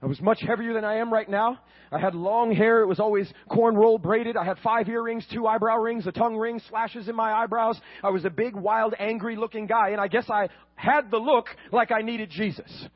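Guy preaching his testimony, husky voice, earnest storyteller, kinda muffled recording. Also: high-pitched, steady tone, normal speed. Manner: earnest storytelling with repeated words and acted-out dialogue. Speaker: speaker sharing his faith testimony. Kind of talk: testimony sermon.

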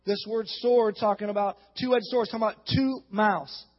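Male pastor, very high voice, fiery sermon delivery, muffled recording with long reverb. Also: fairly even intonation, moderate pace. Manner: emphatic preaching, rising to shouts. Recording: dull, long-reverb hall sound.

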